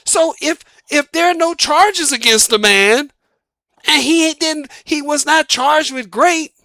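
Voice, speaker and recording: A man's voice: slow, pushed and bright, dry recording. A man with a Southern US accent hosting a dating advice channel, giving an opinionated monologue full of rhetorical questions that he answers himself. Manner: emphatic, asks rhetorical questions and answers them, punctuates points with "boom".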